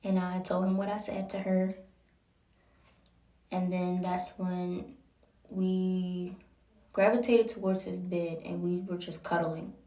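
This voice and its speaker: A young woman from Baltimore tells a personal story in a candid, emotional way, with drawn-out pauses and stretches that drop to a whisper. Her voice has a gravelly edge. She is heard from a distance in an echoey room. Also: fairly low pitch, flat delivery, mellow. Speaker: vlogger. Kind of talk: casual storytime monologue. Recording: roomy echo from a distance.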